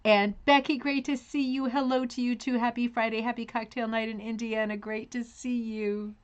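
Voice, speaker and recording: A woman's voice: a little high, level tone, moderate pace, muffled recording. A woman hosting a craft live stream, chatting casually and greeting viewers by name with scattered, self-interrupting talk. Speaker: host of a rug hooking live stream.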